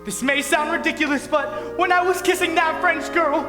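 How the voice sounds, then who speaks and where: A man's voice: very high-pitched, fairly even intonation, normal speed. A young man playing an earnest, pleading, lovestruck groom, recorded in an auditorium. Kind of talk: stage musical performance. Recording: echoey auditorium with music.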